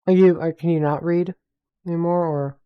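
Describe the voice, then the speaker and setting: A woman's voice: on the low side, fairly even intonation, moderate pace, clean tone, no room sound, highs cut off. A woman chatting casually and encouragingly with a friend on stream. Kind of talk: casual chat.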